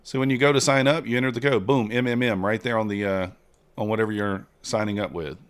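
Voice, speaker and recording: A man hosting a casual trading livestream, chatting with viewers and reading their messages in a relaxed way. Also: on the low side, fast, smooth.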